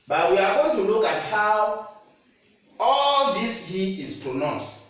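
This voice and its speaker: Very animated and slow, this man's high, fairly bright voice guides a student through French pronunciation with patience, repeating words to confirm understanding. It's slow classroom-style teaching, recorded on a distant mic in an echoey space.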